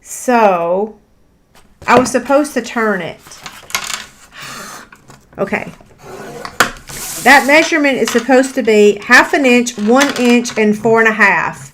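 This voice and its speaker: A woman talks through a papercraft project slowly and chattily, laughing at her own slip-ups. Her voice sits a little high. A faint hum of noise runs under the recording. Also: animated, a bit bright. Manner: chatty and self-deprecating, many fillers. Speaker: paper craft instructor. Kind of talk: live crafting tutorial.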